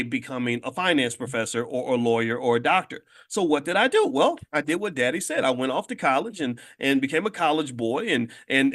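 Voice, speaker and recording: A man's voice: a little high, a bit bright. A man hosting a motivational talk on money and ownership, speaking emphatically with rhetorical questions and repeated phrases, often restarting mid-sentence. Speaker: host and finance educator. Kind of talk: motivational morning talk to an audience.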